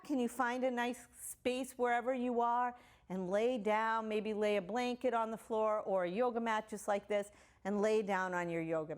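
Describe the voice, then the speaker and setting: A middle-aged woman teaching kids' yoga, leading a guided beach visualization with slow, soothing instructions. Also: on the high side. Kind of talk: guided relaxation for children. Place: indoors at home on a yoga mat.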